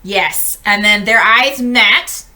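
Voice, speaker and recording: A young adult woman leading a casual book-club lesson, chatty and animated, acting out quotes. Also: fairly high pitch, normal speed.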